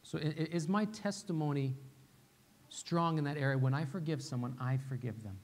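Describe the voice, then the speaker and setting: High-voiced male pastor preaching conversationally. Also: normal speed, darkish tone. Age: young adult to middle-aged, father of a little one. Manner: conversational preaching, repeats key phrases and asks "right?". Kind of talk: sermon. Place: church sanctuary.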